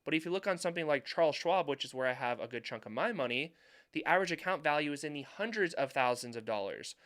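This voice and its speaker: Male finance YouTuber, young adult, smooth clear voice pitched a bit high, emphatic commentary style. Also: lively intonation, fast, a bit bright. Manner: emphatic, repeats points for stress. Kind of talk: market commentary over charts.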